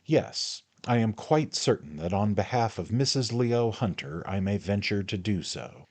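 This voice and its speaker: A man voicing a grave, pompous gentleman host who speaks in an effusive, flattering way. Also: on the low side, measured pace, voice pushed up. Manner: effusive, formal, fawning.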